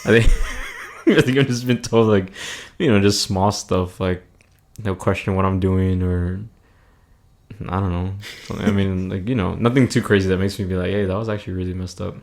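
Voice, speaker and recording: A man's voice: sits low, normal speed, a little mellow. A young man as a podcast guest, chatting in an easygoing way, hedging often. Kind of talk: casual chat.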